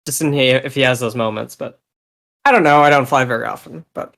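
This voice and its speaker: A man co-hosting a casual podcast, chatty and quick to laugh. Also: mid-range voice, vocal fry, a bit bright. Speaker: podcast co-host.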